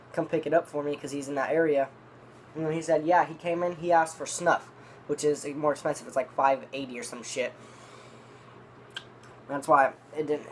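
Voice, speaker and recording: A man's voice: fairly high pitch, a little hiss or hum. Rambling, profane young-sounding man. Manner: rambling, profane, restarts often. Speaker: vlogger reviewing dip tobacco. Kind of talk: casual rambling storytelling.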